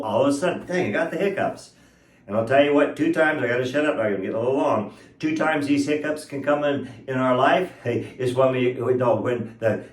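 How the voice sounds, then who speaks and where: A man's voice: mid-range voice, far from the mic. Emphatic man preaching in an echoey room. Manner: emotional, emphatic preaching with stretched-out words and chuckles. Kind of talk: sermon.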